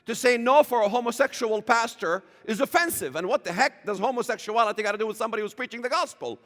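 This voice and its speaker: A combative man preaching as a church guest, his voice bright and cutting as he pushes toward shouts. His pitch sits high and swings wildly from line to line. Long reverb from the church hall trails every word. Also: expressive, fast. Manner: emphatic, combative, rising to shouts. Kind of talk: fiery preaching talk.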